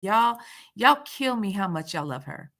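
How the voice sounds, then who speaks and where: A woman hosting a casual livestream, chatting and talking straight to her viewers in a sassy, lively way. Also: a little slow. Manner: lively with loud jumps in pitch. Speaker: YouTube commentary host. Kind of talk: casual livestream commentary, reading the chat.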